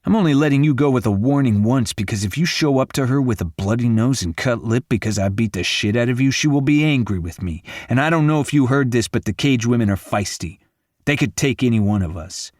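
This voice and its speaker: A man reading an audiobook, voicing a blunt male best friend who scolds gruffly and loudly. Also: medium pitch, animated, fairly quick, no echo, studio quality, voice pushed up, natural voice.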